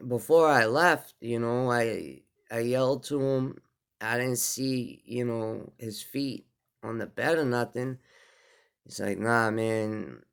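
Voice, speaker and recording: Slow gravelly-voiced man telling a story. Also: fairly low pitch. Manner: slow, halting, with many fillers and restarts. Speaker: vlogger telling a personal story. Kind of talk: casual spoken storytelling.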